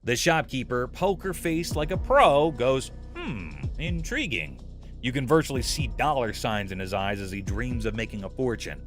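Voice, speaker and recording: A man's voice: medium pitch, normal speed, hardly any pauses, soft background music. A man narrating a show recap in a scripted, playful, jokey storytelling manner.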